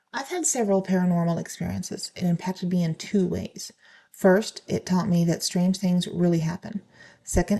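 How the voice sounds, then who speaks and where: A woman reading online stories aloud in a plain, steady way, with a few slips and restarts. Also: fairly low pitch, creaky.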